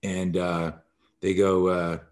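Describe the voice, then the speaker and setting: A man with a fairly low voice tells a story as a podcast guest. He is an animated storyteller who acts out the scenes as he talks. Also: slow. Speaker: guest, self-defense expert.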